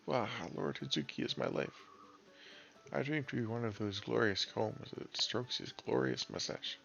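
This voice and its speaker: A man's voice: on the low side, sing-song, normal speed, creaky, a bit bright, highs cut off, full character voice. A man doing a swooning obsessed fan. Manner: swooning, whiny.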